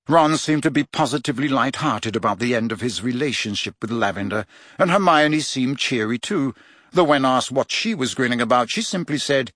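Brief: male audiobook reader, husky, measured, dry booth sound. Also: medium pitch, expressive, a bit bright, no echo. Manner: measured storytelling. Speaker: audiobook narrator. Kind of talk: scripted narration.

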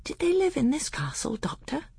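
A man voicing an eager, timid young boy prince in a breathy, half-whispered tone for an audiobook. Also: very high voice, wildly swooping pitch, moderate pace, a little mellow, no echo, pitched above the performer's own voice, heavily acted. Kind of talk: audiobook character voice.

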